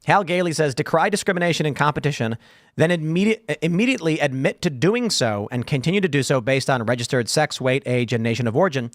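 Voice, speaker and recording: A man hosting a podcast, chatting casually with his panel and reading viewer comments aloud in an animated way. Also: a little high, quick pace, no echo, studio quality. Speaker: podcast host.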